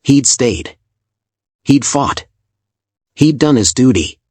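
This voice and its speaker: A man narrating a dramatic story in a calm, measured, scripted way. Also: mid-range voice, slightly rough, no echo.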